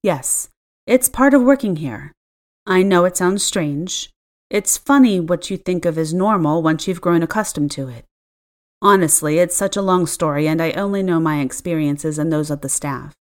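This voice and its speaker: A woman's voice: lowish voice, normal speed, lightly acted. A woman doing a clipped, stern housekeeper. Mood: tight. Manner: clipped and tight.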